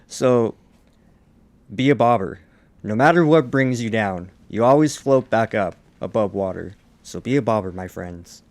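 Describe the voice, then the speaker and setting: A man's voice: lowish voice, expressive, measured pace, a little mellow, no room sound. A man hosting a podcast, closing the episode in an enthusiastic, casual way. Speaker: podcast host. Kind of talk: casual chat.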